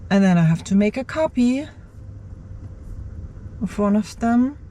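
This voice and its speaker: Slow, mellow woman muttering to herself. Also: mid-range voice, animated. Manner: muttering to herself, hesitant, repeats words. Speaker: vlogger. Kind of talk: thinking aloud while working on a computer. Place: inside her car, in the driver's seat.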